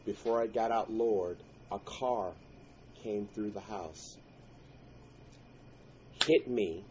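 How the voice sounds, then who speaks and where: A man with a fairly low voice recounts a personal story earnestly and intensely, calling out to the Lord at tense moments. The recording sounds dull and slightly muffled, with faint noise underneath. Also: slow, a little mellow. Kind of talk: personal story told to listeners.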